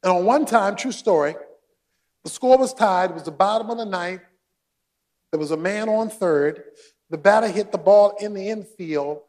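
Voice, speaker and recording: A man preaching a sermon, shouting for emphasis and joking with his congregation. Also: sits high, moderate pace. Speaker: pastor.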